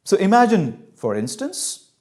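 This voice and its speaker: A man giving a lecture on cultural values. He teaches through an animated story and acts out the dialogue. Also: high-pitched, a little slow. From India. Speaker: cultural intelligence trainer.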